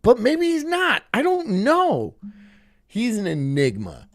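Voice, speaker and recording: A man's voice: very high-pitched, wildly swooping pitch, slow, faint music behind. A man streaming casually, reading chat and rambling through crude jokes that he often laughs at himself.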